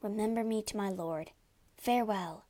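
A woman voicing a gentle, innocent young wife with a soft, quavering, pleading voice in a storybook reading. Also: a little high, lively intonation, normal speed, natural voice. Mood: faint.

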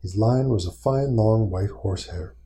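A man reading a picture book aloud to his small child at bedtime, gentle and patient, stopping to answer questions. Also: fairly low pitch, moderate pace. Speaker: father reading a bedtime story.

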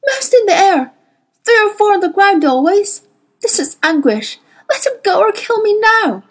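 A woman's voice: very high-pitched, very animated, normal speed, voice pushed up. A woman voicing a desperate, tormented female witch who shrieks, pleads and sobs. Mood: pleading.

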